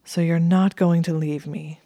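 A woman voicing a smug but devoted young male wizard, speaking his lines dryly and earnestly in her own low voice. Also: fairly even intonation, measured pace, warm tone, no room sound, clean studio sound.

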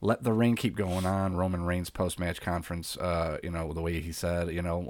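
A man's voice: low voice, fairly even intonation, normal speed, no room sound. A man co-hosting a casual wrestling podcast, talking bluntly and swearing casually. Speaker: podcast co-host.

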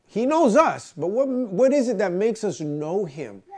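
A man's voice: high-pitched, big pitch swings, unhurried. Earnest man preaching a casual sermon. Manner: earnest, storytelling, repeats phrases for emphasis. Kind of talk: conversational sermon.

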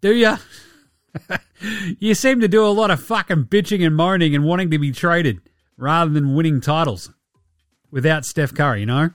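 A man's voice: fairly high pitch, normal speed, long pauses, no echo, studio quality, faint music behind. An Australian man hosting a sports podcast, talking casually and sarcastically, swearing often and mocking the people he talks about. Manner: profane, sarcastic, mocking impressions. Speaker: podcast host.

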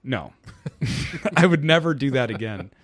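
A young man with a middle-pitched voice talks in a casual, rambling way. He tells a long story with lots of fillers. He acts out the people in it with a raised, goofy voice. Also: lively intonation, measured pace, a bit bright.

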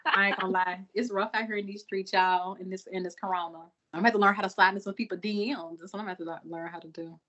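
Lively woman co-host, recaps with playful voiced quotes. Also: rapid-fire, few pauses, lo-fi sound. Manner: animated storyteller, acts out quotes with big pitch jumps. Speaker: podcast co-host. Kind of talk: casual group chat about a TV episode.

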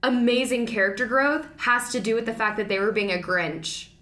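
A woman co-hosting a podcast, chatting casually with wry, quick asides. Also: fairly high pitch, sharp tone. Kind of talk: casual chat.

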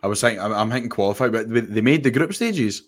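A Scottish man with a low, deep voice, co-hosting a football podcast. He talks in a relaxed way and jokes along with his co-host. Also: fast. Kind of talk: casual football podcast chat.

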